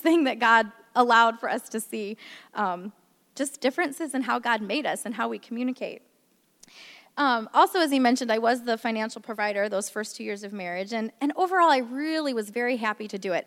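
A woman's voice: on the high side, a bit bright. Candid woman in a reverberant hall. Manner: candid and self-deprecating, with many fillers. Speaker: speaker sharing a marriage testimony. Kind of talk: personal testimony at a church gathering. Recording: long reverb in a large hall.

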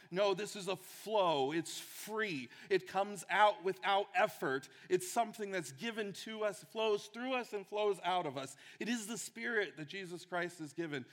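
A man's voice: high voice, fairly bright tone, long reverb tail. A man preaching a sermon, earnest and emphatic, repeating key phrases for weight.

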